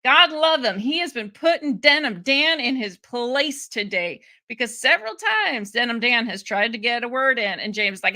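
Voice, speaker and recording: A woman's voice: fairly high pitch, normal speed, few pauses. A young woman from Ohio giving chatty, laughing live commentary on a hearing. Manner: chatty, laughing, animated asides. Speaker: political commentary streamer.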